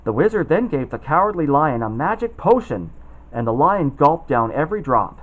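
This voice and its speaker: A man reads a children's picture book aloud in a slightly high, lively voice that rises and falls a lot. The recording is dull and lo-fi, like a home setup. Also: normal speed. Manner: expressive, puts on voices for the characters. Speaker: storybook reader. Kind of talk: reading a children's storybook aloud.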